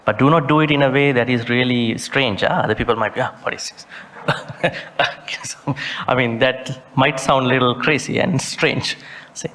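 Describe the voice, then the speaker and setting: A man's voice: mid-range voice, normal speed, fairly bright tone, a little hiss or hum. A man, a Buddhist monk, teaching a sutta study class, reciting Pali words with care and spelling out how each one should sound.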